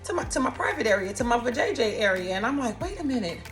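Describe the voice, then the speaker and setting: Expressive woman, folksy, chatty, slightly high voice. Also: fast talker, faint music behind. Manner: animated, expressive, folksy, calls listeners honey. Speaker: cancer survivor telling her story. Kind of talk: casual storytelling to camera.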